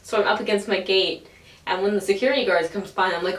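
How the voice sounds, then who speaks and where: A woman's voice: medium pitch, fast. A woman in her twenties, a vlogger telling a casual story, swearing freely and acting out the people in it. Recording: echoey room, distant from the mic.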